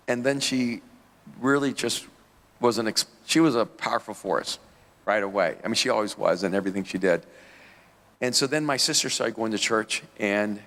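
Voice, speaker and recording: A man's voice: lowish voice, a bit bright, big-room sound. A man, a pastor, telling his life story as an interview guest, rambling with restarts and laughing at himself.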